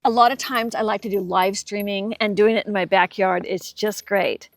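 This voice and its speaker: A woman's voice: mid-range voice, steady tone, moderate pace, no echo. A woman demonstrating a webcam in an upbeat, enthusiastic way, recorded outdoors in a garden through a webcam mic on a computer. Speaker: product reviewer. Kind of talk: product demo.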